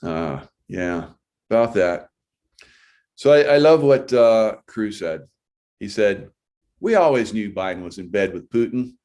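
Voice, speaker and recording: Middle-aged male host, low voice, rambling casual commentary over read-out news. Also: expressive, measured pace, long pauses, darkish tone. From United States. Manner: rambling, reads headlines aloud with asides.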